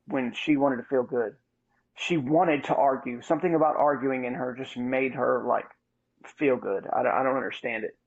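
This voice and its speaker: Gravelly man telling a candid story. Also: mid-range voice. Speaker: podcast host. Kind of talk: casual storytelling. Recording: muffled lo-fi audio.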